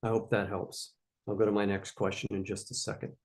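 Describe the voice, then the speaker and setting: A man with a lowish voice and flat delivery hosts a live Q&A stream for startup founders, speaking fairly quickly. His answers are emphatic and coaching, and he repeats his key points.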